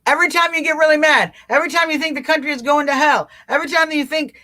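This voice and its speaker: A woman hosting a live political talk stream, urging her viewers on with emphatic, repeated commands and quick mimicking asides. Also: high voice, steady tone, bright, forceful tone. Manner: emphatic, repetitive exhortation straight to viewers. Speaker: live-stream show host.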